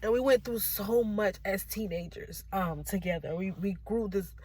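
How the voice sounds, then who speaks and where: A woman's voice: mid-range voice, moderate pace, darkish tone. A young woman talking in a car, sharing a personal story while holding back tears, rambling with many fillers and restarts. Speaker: vlogger. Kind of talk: personal confessional vlog. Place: parked car.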